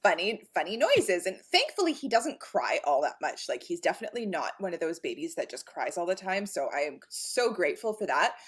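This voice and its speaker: Thirties woman, lively pitch, a little husky, casual and laughing. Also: fairly quick, hardly any pauses. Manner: animated, laughs often, acts out her kids. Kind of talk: casual chat.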